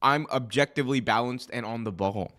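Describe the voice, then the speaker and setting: A young man who is hoarse from being sick, hosting a live wrestling commentary stream in a chatty, rambling way that often corrects itself. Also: medium pitch, fairly quick, fairly bright tone. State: hoarse, recovering from illness. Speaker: wrestling show host.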